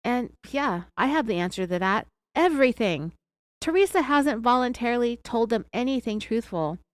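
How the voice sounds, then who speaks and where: A woman's voice: fairly high pitch, expressive, moderate pace, no room sound, clean studio sound. A woman with an American accent hosting a true crime podcast, telling the story in a sarcastic, chatty way. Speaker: podcast host.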